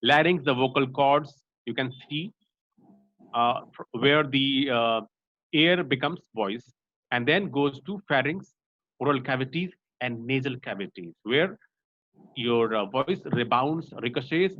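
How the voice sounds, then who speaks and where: A man's voice: medium pitch, a little slow, no echo, highs cut off. A man with an Indian accent giving an online class on voice and speech, explaining step by step with many fillers and checks like "right?". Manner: explanatory, frequent "right?" and "uh" fillers, mixes in Hindi. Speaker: voice and speech trainer.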